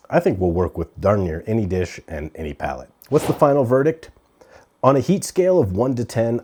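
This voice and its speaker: A man chatting casually as he reviews a pepper from his garden, relaxed and talkative with fillers. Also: sits low. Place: outdoors in a garden on a hot day.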